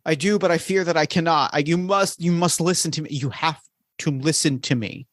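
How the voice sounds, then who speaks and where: A man's voice: a little high, big pitch swings, slow, fairly bright tone, dry recording, clean studio sound, exaggerated voice. A man doing a frantic, stammering ghost's plea. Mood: desperate. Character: desperate pleading ghostly shade in a helmet.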